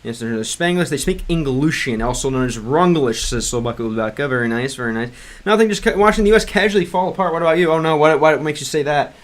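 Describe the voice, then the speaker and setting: A man's voice: on the high side, animated, fast talker, hardly any pauses. Casual man chatting on a livestream. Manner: rambling with many restarts and fillers; clumsy Russian read aloud in a learner's voice. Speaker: streamer learning Russian. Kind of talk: casual livestream chat reading comments.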